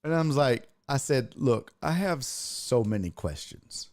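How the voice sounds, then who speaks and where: A man hosting a podcast, telling a comedic story in a profane, animated way and acting out what he said. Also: mid-range voice, unhurried. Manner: profane, animated, acts out his own quotes. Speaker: podcast host.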